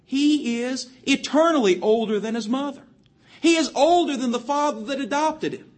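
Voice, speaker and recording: A man preaching a sermon to young people, emphatically citing chapter and verse and quoting scripture in old-fashioned wording. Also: very high voice. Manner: quotes scripture in King James wording, cites verses rapidly.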